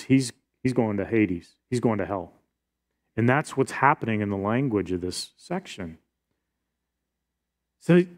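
A pastor, a middle-aged man, preaching a sermon and reading scripture aloud in an earnest, explanatory way. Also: mid-range voice.

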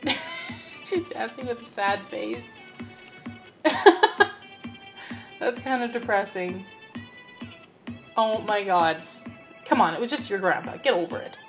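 A woman's voice: mid-range voice, expressive, normal speed, pauses often, faint music behind. A young woman giving casual, chatty commentary over her gameplay and talking to her game characters. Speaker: let's play host.

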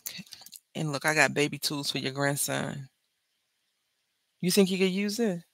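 A woman's voice: low voice, normal speed, creaky, no room sound. A middle-aged woman, chatting and telling stories while she makes jewelry for her craft video. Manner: chatty storyteller, animated and joking. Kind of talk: casual chat while crafting.

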